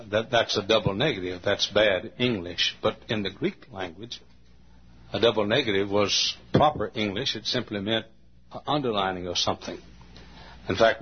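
A longtime pastor preaching a sermon in a large church, telling a story in a folksy, slow and emphatic way. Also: male voice, lowish voice, slightly rough. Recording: dull lo-fi church recording.

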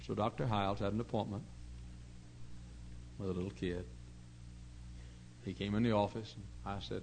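A middle-aged man pastor preaching a sermon in an earnest storytelling way, dropping to hushed asides and rising to loud emphasis. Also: fairly low pitch, a little fast, long pauses, a little hiss or hum, poor audio. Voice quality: gravelly.

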